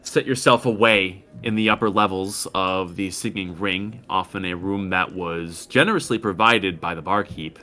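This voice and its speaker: A man running a tabletop game, narrating the story in a measured, descriptive way with occasional pauses. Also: low voice, bright, forceful tone. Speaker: game master.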